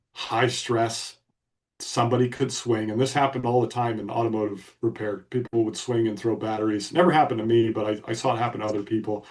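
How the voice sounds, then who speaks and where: A man's voice: mid-range voice, a little mellow, recorded from a distance. A man co-hosting a podcast, telling a story in a blunt, emphatic way. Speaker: podcast co-host. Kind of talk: casual storytelling.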